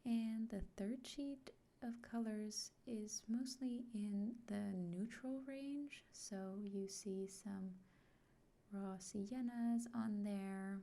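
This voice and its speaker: A woman giving a soft-spoken unboxing vlog, often sliding into a whisper and talking slowly and gently. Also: mid-range voice, fairly even intonation, creaky. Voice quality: frequently whispered. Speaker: art vlogger.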